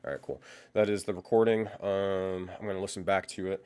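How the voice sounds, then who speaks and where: Lively, chatty young man streaming live. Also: lowish voice, fairly quick. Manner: loose, profane, laughs often, thinks aloud. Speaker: livestream host. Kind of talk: casual live-stream chat. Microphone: condenser microphone.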